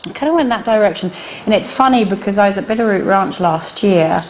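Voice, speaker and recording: Woman, middle-aged, workshop teacher, animated anecdote, laughs often, pitch leaps up at punchlines, faint background hiss. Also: fairly quick. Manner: lively, laughing storyteller who jumps high in pitch at punchlines. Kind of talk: telling a personal anecdote to a workshop group. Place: workshop room with a small audience.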